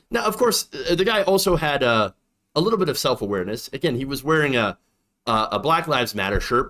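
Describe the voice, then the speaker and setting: Animated, emphatic male political commentator. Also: mid-range voice, a little fast. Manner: emphatic, animated, repeats himself for effect.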